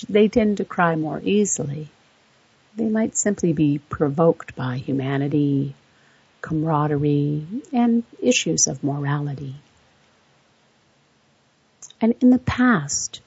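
A woman speaks in a low, gravelly, husky voice as she narrates a voice-over. She walks through facts one by one at an unhurried, measured pace. The recording is dull and lo-fi, with no room sound. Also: a little mellow, no echo. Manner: measured, explaining research facts point by point.

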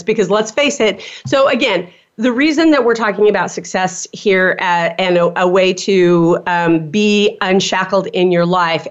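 Animated laughing woman podcast host. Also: mid-range voice. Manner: animated, laughs often, explains with quoted inner voices. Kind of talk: casual conversational podcast. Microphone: studio microphone on a table. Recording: dull lo-fi podcast audio.

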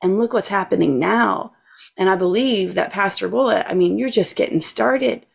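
A woman's voice: mid-range voice, moderate pace, creaky, husky. A woman guest on a talk show, speaking in a heartfelt, effusive way about her faith. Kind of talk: emotional testimony.

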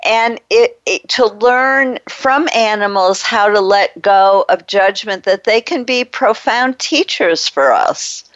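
A woman host talks slowly and thoughtfully over a muffled, lo-fi recording with a dry, close sound. She takes her time, pausing and restarting while she feels her way toward the right phrase. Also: mid-range voice, fairly bright tone, no echo. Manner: measured, thoughtful, with hesitant restarts. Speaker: interview host. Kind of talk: reflective interview talk.

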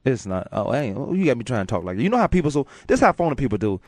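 A man's voice: mid-range voice, sing-song, very fast, dry recording. Playful, teasing male sports radio host. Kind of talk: casual sports banter.

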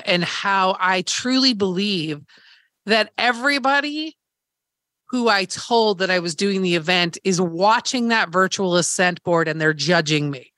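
A woman's voice: medium pitch, bright, forceful tone, no room sound, studio quality. A woman hosting a podcast, candidly retelling a hard experience in casual chat, swearing freely and acting out quoted dialogue. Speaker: podcast host.

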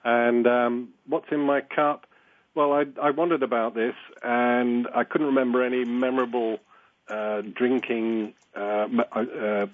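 A hesitant man answers as a radio panel guest, stumbling through fillers. His voice is mid-pitched and comes through slightly dull remote audio. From England. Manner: hesitant, self-deprecating, many fillers.

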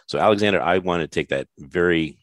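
A man's voice: sits low, brisk. A man hosting a podcast interview, talking in a rambling, effusive, jokey way. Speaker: podcast host. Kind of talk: casual interview chat.

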